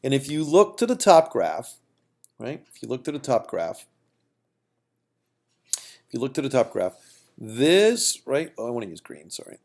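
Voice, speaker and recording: A man's voice: medium pitch, very animated, normal speed, vocal fry, long pauses, a little mellow. A man teaching a calculus lesson at a whiteboard in a casual way, repeating phrases and checking in with "okay?" and "right?". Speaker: math teacher.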